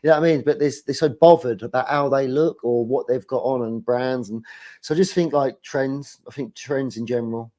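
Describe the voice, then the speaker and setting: A middle-aged man chats loosely on a livestream. His voice is warm and mellow, and his talk rambles with frequent laughs and self-mocking asides. He sits at an ordinary middle pitch. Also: brisk. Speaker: guest. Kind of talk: casual chat on a livestream.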